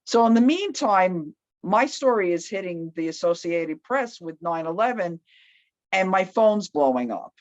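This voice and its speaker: Loud, lively woman telling a story. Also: fairly low pitch, measured pace, dry recording. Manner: loud, animated, acts out quoted voices. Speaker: guest telling a personal story. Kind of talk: casual storytelling. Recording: slightly muffled, dry.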